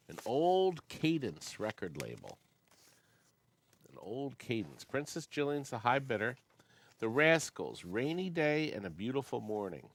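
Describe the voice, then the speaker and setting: A man's voice: medium pitch, creaky. A man in his sixties hosting a casual chat, reading old record labels aloud and humming bits of songs. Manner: chatty, reads labels aloud and hums snatches of songs. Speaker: host of an amusement sales company show.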